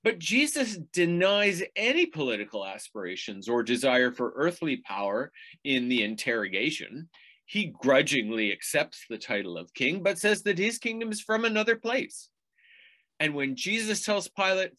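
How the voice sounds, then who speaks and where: A man preaching a sermon in a measured teaching tone, now and then asking the listeners rhetorical questions. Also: fairly high pitch, very animated, a bit bright.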